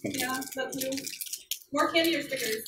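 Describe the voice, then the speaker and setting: A woman's voice: high-pitched, lively intonation, moderate pace. A woman cosplayer chatting and giggling on a convention panel, running trivia and questions for the crowd. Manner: giggly, chatty, hedging with fillers. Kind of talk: casual convention panel chat. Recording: echoey hall, far from mic, noisy.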